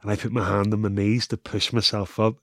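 A middle-aged man with a Northern Irish accent, telling a story casually as an interview guest, animated, with "bro" and "wee" and plenty of laughs. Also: lowish voice, brisk, dry recording, studio quality. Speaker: guest, former rugby player.

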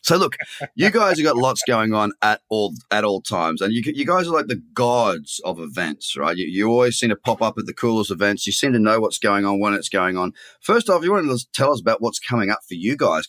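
A man's voice: on the low side, big pitch swings, brisk, fairly bright tone. A man hosting a casual podcast interview, upbeat and joking. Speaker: podcast host.

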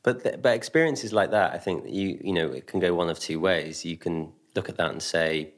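A man's voice: deep voice, fairly quick. A man hosting a podcast, reflectively asking his guest questions. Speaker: podcast host. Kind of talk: interviewing.

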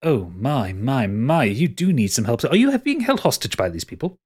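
A man's voice: mid-range voice, very animated, normal speed, a little mellow, husky. A man voicing a prim, fawning male city concierge who repeats his words. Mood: fussy polite.

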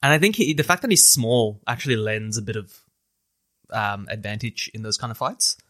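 A man's voice: fairly low pitch, moderate pace, a bit bright, no echo, studio quality. Man chatting about book lore. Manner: knowledgeable, laughs often. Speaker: podcast co-host. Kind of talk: casual film discussion.

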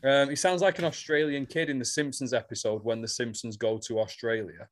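A man's voice: medium pitch, steady tone, fairly quick. A man on a casual chat podcast, animatedly retelling a soap storyline and swearing freely. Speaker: podcast co-host.

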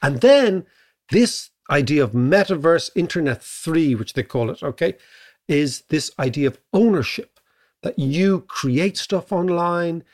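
A middle-aged Irish man talks in a relaxed podcast chat, his voice sitting a little higher than most men's. He thinks out loud and often tags a quick "right?" onto his points. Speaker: podcast co-host.

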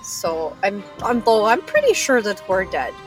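A woman's voice: mid-range voice, huge pitch swings, a little slow, faint music behind, rough recording. A woman playing a tabletop game in character, bubbly and scatterbrained, peppering her talk with "like" and "don't you know". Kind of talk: in-character tabletop role-play.

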